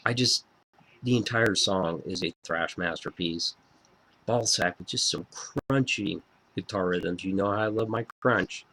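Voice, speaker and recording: A man reviewing a favorite album in a casual video, excitable and profane, gushing as a fan. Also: low voice, a little slow, slightly rough.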